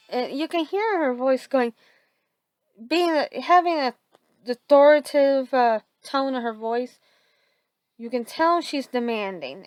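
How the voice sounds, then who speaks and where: A woman improvising a fan fiction story aloud, halting with many restarts and fillers. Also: fairly high pitch, no room sound, rough recording.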